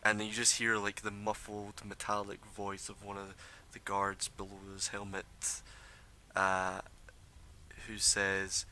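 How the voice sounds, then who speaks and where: A man narrating as game master of a tabletop game, describing scenes in a relaxed, rambling way full of fillers. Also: fairly low pitch, slow pace, slight background noise.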